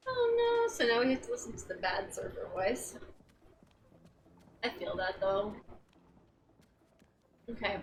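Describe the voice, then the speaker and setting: A woman's voice: medium pitch, huge pitch swings, unhurried, long pauses. Playful woman on a distant, noisy mic. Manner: teasing, playful. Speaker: gaming streamer. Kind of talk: casual gameplay chat. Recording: distant mic with background noise.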